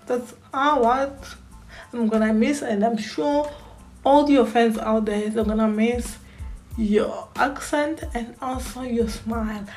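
A woman's voice: on the high side, fairly even intonation, slow, darkish tone, faint music behind, poor audio. A woman giving casual fan commentary on a vlog, chatty, repeating words as she talks things over. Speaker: Formula One fan vlogger.

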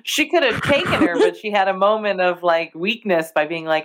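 A woman's voice: medium pitch, expressive, moderate pace, noisy background. A woman in casual chat, reacting briefly and talking about a film's reviews. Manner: short reactive comments, laughs along.

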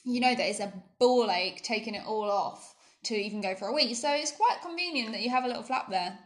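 A woman's voice: on the high side, brisk. A woman co-hosting a podcast in casual chat, blunt and teasing. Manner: blunt, teasing, laughs often. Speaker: podcast co-host.

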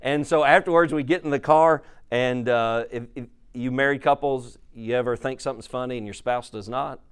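A man's voice: mid-range voice, clear, resonant tone. A middle-aged man, an evangelist teaching at a conference, telling humorous stories in a folksy way and laughing at his own anecdotes.

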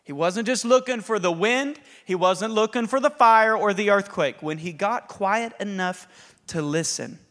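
Male pastor, lively sermon delivery, high voice, hall reverb. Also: moderate pace. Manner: animated, laughing, acts out scripture.

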